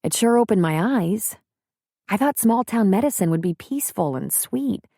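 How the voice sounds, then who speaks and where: A woman's voice: medium pitch, expressive, normal speed, warm tone, no echo, studio quality. A woman voicing an earnest, candid young nurse from the city in an audiobook reading.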